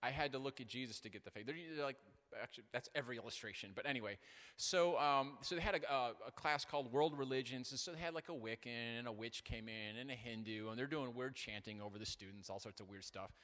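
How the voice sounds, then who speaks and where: A male pastor delivering an animated sermon with self-deprecating humor, his voice bright and forceful. He stumbles through fillers and restarts as he tells stories. A long reverb trails off each phrase in the big hall. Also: medium pitch, fast. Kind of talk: sermon with storytelling.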